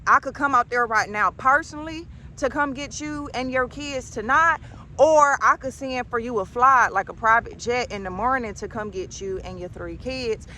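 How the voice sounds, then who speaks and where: A woman's voice: a little high, normal speed, bright, forceful tone, slight background noise. A woman voicing her newly rich ex-boyfriend, a rapper, who talks earnestly and persuasively. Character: smooth-talking newly rich male rapper ex.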